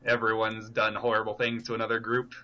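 A man's voice: on the low side, completely flat delivery, a little fast, pushed and bright, dull audio. A man in casual podcast chat, easygoing and loose with fillers.

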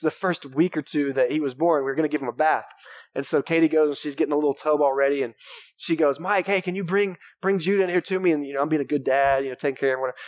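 Pastor in his thirties, a fairly high voice, dry close mic, casual sermon with jokes. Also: dry recording. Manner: conversational, joking with the congregation.

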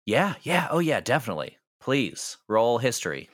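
A man running a tabletop game as game master, relaxed and quick to laugh. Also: medium pitch.

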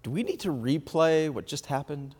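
A man preaching a sermon, telling a story with lively acted-out quotes. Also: fairly high pitch, moderate pace, husky. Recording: reverberant hall.

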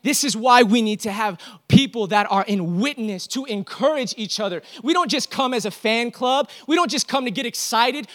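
Male pastor, sermon, high voice, bright tone, fervent exhortation, shifts to hushed storytelling. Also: moderate pace, hardly any pauses. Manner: preaching with rising intensity, switching between loud exhortation and soft storytelling.

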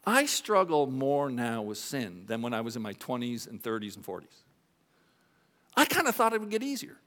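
A pastor in his fifties preaching a sermon in a church, shifting between quiet confessional moments and raised emphatic points. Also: normal speed. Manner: animated preaching, swings between soft confessional lows and raised emphatic highs. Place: church sanctuary.

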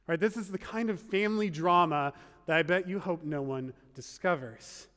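A man's voice: on the high side, moderate pace, fairly bright tone. A man preaching a sermon as pastor in a conversational, wry way, full of asides. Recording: long reverb of a large hall.

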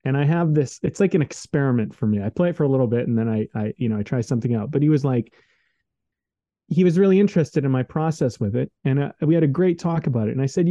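A man's voice: medium pitch, animated, fast talker, warm tone, no echo. A man hosting a podcast, rambling earnestly in casual reflective chat, leaning on "like" and "man". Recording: dull lo-fi dry recording.

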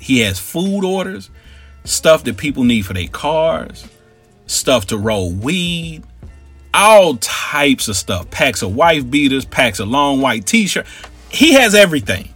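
Bright, husky man telling a story. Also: a little high. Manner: animated, acts out every character in his story. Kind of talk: comic storytelling.

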